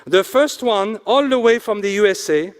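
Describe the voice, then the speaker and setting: High pitched guy emceeing awards, joking around, reading out sponsor names slow. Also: animated, clear, resonant tone. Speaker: awards ceremony host. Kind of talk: emcee announcing and joking on stage. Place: hotel event hall.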